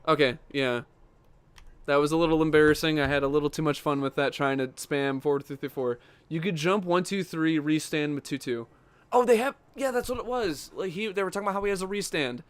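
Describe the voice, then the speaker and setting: A young man streams a fighting game and chats with his viewers the whole time, quick to get excited and laugh. His voice sits a little high and sounds smooth and clear. It is recorded close on a desk mic, dry, with no room sound. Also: no echo. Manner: chatty and excitable, talks to chat, laughs often. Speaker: gaming livestreamer. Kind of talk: casual live gameplay commentary.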